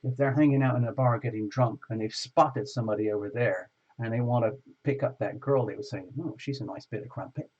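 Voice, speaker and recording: Man, livestream host, chatty, jokes with viewers, husky voice, muffled audio. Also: medium pitch, darkish tone. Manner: chatty and joking, greets viewers by name. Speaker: tarot reader hosting a live stream. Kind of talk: live stream chat, reading viewer comments.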